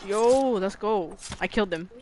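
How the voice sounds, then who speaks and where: A woman's voice: medium pitch, normal speed, crowd noise. A young woman chatting while playing a game with a friend, joking around and swearing. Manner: jokey, swears, screams when startled. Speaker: gamer. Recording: noisy live stream audio.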